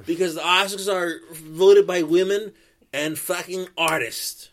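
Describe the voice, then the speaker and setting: A man's voice: sits high, steady tone, measured pace. A man ranting as a co-host on a comedy podcast, profane and fired up.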